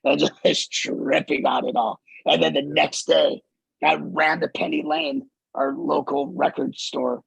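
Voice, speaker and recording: A man hosting a casual chat, telling stories in an animated way, swearing freely and laughing as he talks. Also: on the high side, unhurried, vocal fry, slightly rough, dry recording, poor audio. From Los Angeles area. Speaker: podcast host.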